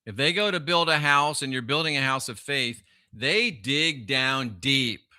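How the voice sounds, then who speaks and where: Male solo-stream host, sharp, bright voice, preachy and sardonic, swings to loud bursts. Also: mid-range voice, measured pace, clean tone, no room sound, studio quality. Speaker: livestream host reading chat. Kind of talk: solo livestream rant.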